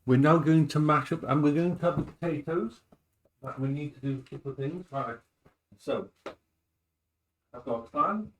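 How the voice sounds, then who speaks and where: A man's voice: fairly high pitch, normal speed, long pauses. Chatty man streaming from his kitchen. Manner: chatty, rambling, repeats himself, restarts words. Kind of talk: casual live-stream chat while cooking.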